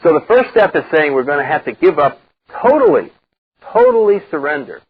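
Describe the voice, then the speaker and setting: An older man speaking to a live recovery group, blunt and wry, acting out the voices he quotes in a lively way. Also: a little high, fairly quick, husky, no room sound. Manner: animated storyteller who acts out quoted voices, wry and blunt. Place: meeting room with a live group. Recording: dull lo-fi 1990s cassette recording.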